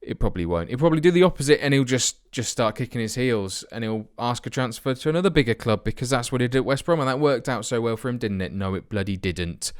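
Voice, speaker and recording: A young man gives sarcastic, self-mocking commentary on his football management game. His pitch leaps up and down with lively swings, and his voice stays smooth and clear. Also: quick pace, few pauses. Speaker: let's play host.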